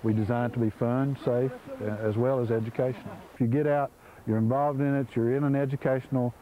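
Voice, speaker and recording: A man's voice: mid-range voice, fairly even intonation, fast, lo-fi sound. A man, earnestly explaining a creek education program in an interview, with frequent restarts. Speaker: program organizer. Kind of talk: documentary interview.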